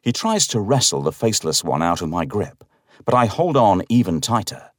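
A man giving a dramatic, expressive first-person narration of a horror story. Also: fairly low pitch, normal speed, no echo, studio quality.

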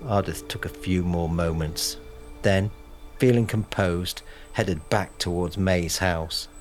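A man narrating an audiobook in a steady, measured storytelling manner, over music. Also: deep voice. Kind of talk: scripted narration.

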